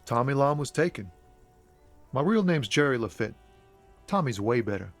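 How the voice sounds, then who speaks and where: An actor playing an earnest young trucker and aspiring rapper in a video game, talking in an easygoing, friendly way. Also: male voice, medium pitch, sing-song, moderate pace, soft background music. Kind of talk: voiced video game dialogue.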